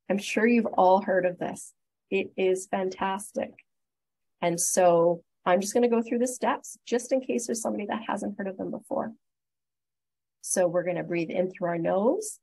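Canadian woman doing a webinar talk, breathy voice, upbeat and encouraging, takes it step by step. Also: medium pitch, expressive, moderate pace, warm tone, rough recording. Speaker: guest speaker, respiratory therapist. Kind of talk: webinar presentation.

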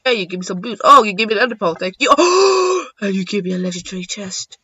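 A young man giving excitable, joking commentary while playing a video game, swearing now and then. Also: high-pitched, rapid-fire, husky, dry recording. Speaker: gaming YouTuber. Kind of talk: casual gameplay commentary. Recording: dull lo-fi dry sound.

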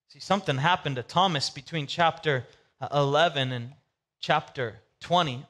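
A male pastor preaching a sermon in a casual, animated storytelling way with comic asides. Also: fairly high pitch, moderate pace.

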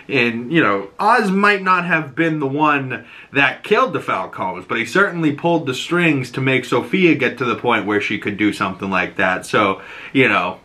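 Boston podcast host, male, bright and forward voice, loose rambling recap with quoted voices. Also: mid-range voice, animated, normal speed. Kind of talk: casual episode breakdown.

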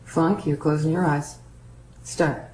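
Woman, deep and mellow voice; calm, plain explainer of drills, some ums and uhs. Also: slow pace, slight background noise, low-quality recording. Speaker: student and narrator.

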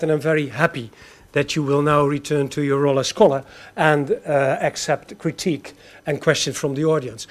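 Man, rector type, courteous and measured, slightly higher voice. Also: a little mellow. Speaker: rector hosting a lecture. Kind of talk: formal academic remarks. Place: lecture hall.

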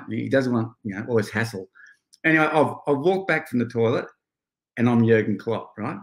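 A man's voice: medium pitch, moderate pace, roomy sound. A middle-aged Australian man, a guest on a podcast, telling stories in a casual chat with frequent laughter. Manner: storytelling, laughing, animated.

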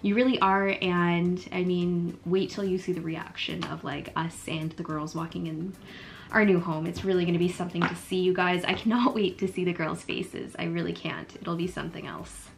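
A woman's voice: lowish voice, fairly even intonation, normal speed, creaky. A woman in her thirties chatting casually to her vlog audience at home, bubbly and laughing often. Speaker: vlogger. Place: home kitchen and vanity.

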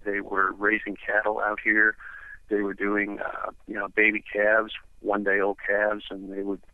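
A man's voice: fairly low pitch, monotone, unhurried, no room sound. A man from the eastern United States, a radio guest telling a long story over the phone in a rambling way, full of fillers. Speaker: radio show guest, ranch owner. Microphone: telephone. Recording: tinny phone line, dry.

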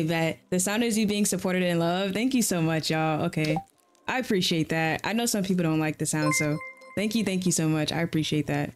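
A relaxed streamer talking to chat while gaming, easygoing and talkative, looping back on slang phrases. The voice sits at an unremarkable middle pitch. Faint music plays quietly in the background. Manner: laid-back, chatty, repeats slang phrases.

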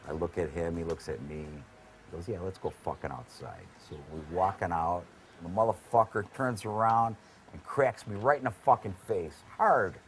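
A male trader tells a story, cursing heavily as he goes, in a low voice. Faint background noise is in the room with him. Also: normal speed. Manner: profane, animated storyteller. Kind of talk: documentary interview.

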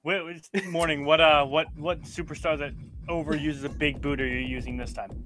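A man's voice: a little high, fairly even intonation, normal speed, a bit bright, faint music behind. A man teasing his friends in a casual gaming chat. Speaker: stream guest.

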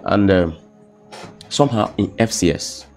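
Speaking over music, a young Nigerian-accented man gives his testimony as a guest in a casual, relaxed setting. His voice sits very deep and low; he stumbles, repeats himself, and often drops into soft, emotional tones.

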